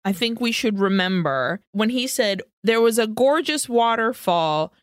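A woman co-hosts a casual podcast, blunt and animated, and she swears freely. Her voice is high and very lively, rising and falling a lot. The recording is dry, with no room sound. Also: a little slow, no echo. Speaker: podcast co-host. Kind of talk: casual podcast chat, discussing a film.

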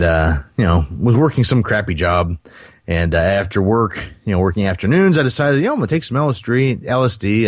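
A man's voice: lowish voice, no echo, studio quality. A man telling a long personal story on a podcast, rambling with many fillers and restarts. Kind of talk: casual storytelling.

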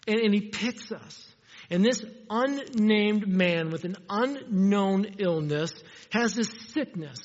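High-voiced male preacher in a reverberant hall. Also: animated, slow pace. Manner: conversational, asks the congregation questions. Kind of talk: sermon. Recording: dull audio with long hall reverb.

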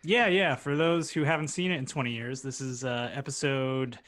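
A man's voice: medium pitch, steady tone, normal speed, a bit bright. A man co-hosting a podcast, running down an episode with dry, wry remarks. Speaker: podcast co-host. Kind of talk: casual episode rundown.

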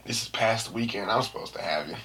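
A young man telling a story to camera in a casual, slangy way, dropping to hushed asides and rising to shouts. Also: fairly low pitch, fast, a little hiss or hum. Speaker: vlogger.

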